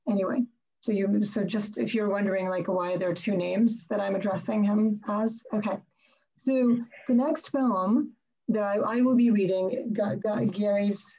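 A woman's voice: mid-range voice, mellow. A woman poet hosting a reading over a video call, chatty and laughing, often repeating words before she reads a poem aloud. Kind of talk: casual poetry reading. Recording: dull lo-fi video call audio.

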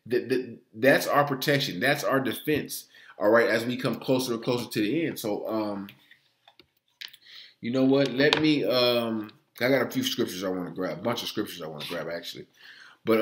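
A man's voice: mid-range voice, reverberant. A man preaching and teaching from scripture, filling almost every phrase with "all right" and often stammering and restarting. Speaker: religious teacher.

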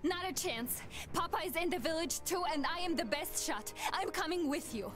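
High, bouncy-voiced young sharpshooter girl, determined, game soundtrack behind. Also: animated, moderate pace. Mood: urgent. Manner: determined, urgent. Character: brave young village girl sharpshooter with a bear. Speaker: game heroine. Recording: game audio with music behind.

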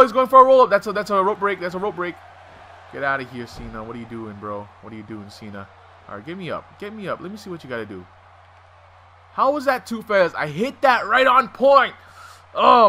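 A man giving excited let's-play commentary over a wrestling video game, swearing often and yelling at what happens on screen. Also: medium pitch, a little hiss or hum. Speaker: gaming commentator.

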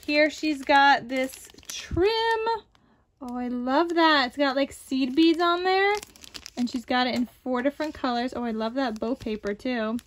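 A high-pitched woman hosts a crafting unboxing vlog. She talks casually and gushes, exclaiming again and again as she shows off each supply at her table. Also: slight background noise. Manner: gushing, exclaims often. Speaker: crafting channel host.

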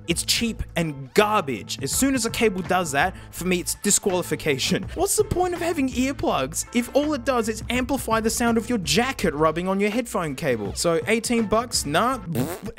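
Australian man, casual tech vlogger, slangy and jokey, slightly high voice, faint music behind. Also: fairly bright tone. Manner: chatty and jokey, with slang and sudden jumps in pitch. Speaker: tech reviewer. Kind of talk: casual product review vlog.

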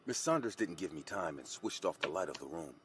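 A man's voice: deep voice, expressive, a little fast. A man giving dramatic, first-person scripted horror narration.

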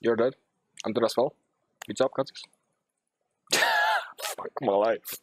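A young man streaming a game live, talking to himself and yelling and swearing in sudden bursts at his teammates. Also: medium pitch, slow, long pauses, slightly rough, dry recording, studio quality. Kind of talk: live gameplay commentary.

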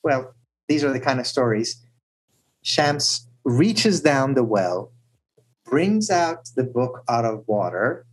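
A man with a husky voice, a guest speaker telling stories and often asking "right?". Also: medium pitch, slow pace, low-quality recording. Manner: animated storyteller who often asks "right?". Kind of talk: storytelling talk.

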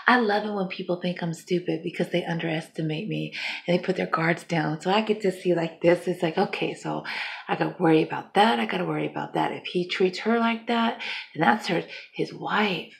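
A woman's voice: on the low side, normal speed, gravelly, a little hiss or hum. A tired middle-aged woman who has been up all night, rambling in a casual home vlog, swearing a lot and laughing often. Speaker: vlogger.

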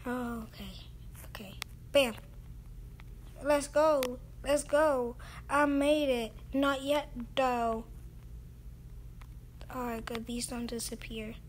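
A woman's voice: high voice, slow, pauses often, slight background noise. A young woman giving casual gameplay commentary, ranting and repeating herself in exasperation. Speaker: gaming YouTuber.

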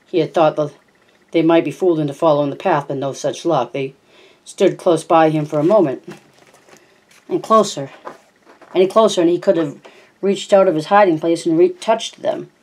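Low-voiced woman reading a novel. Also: moderate pace, pauses often. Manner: steady, plain narration with small slips. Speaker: audiobook reader.

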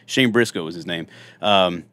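Animated man telling cop stories. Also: low voice, normal speed. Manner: animated, jokey storyteller who acts out quotes. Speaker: country singer and former police officer. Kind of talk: casual storytelling in a podcast interview.

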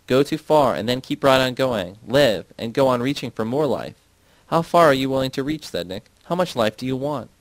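A man's voice: mid-range voice, animated, moderate pace, no echo, voice pushed up, natural voice, poor audio. A man reading the part of a defiant young woman worker who needles her friend with pointed questions. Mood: challenging.

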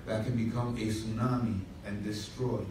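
A man's voice: on the low side, little pitch movement, normal speed, background noise. A man pastor telling a humorous story in a sermon, with asides to the congregation. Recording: echoey room from far off.

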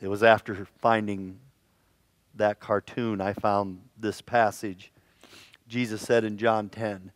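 A man preaching a sermon in a church, telling stories with lively swings between hushed and loud delivery. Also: fairly low pitch, slow pace, no echo. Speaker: pastor. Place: church sanctuary.

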